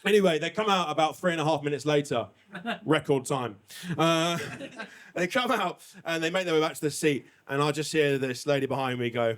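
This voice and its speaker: Animated man doing stand-up. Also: brisk. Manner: animated, chatty, swings between high and low for effect. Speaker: stand-up comedian. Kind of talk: live stand-up comedy storytelling. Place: comedy venue stage.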